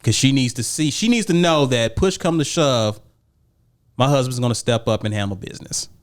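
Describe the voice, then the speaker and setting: In a casual podcast debate, a middle-aged married co-host argues emphatically and acts out quoted conversations. His voice is mid-range and expressive, moving at a moderate pace.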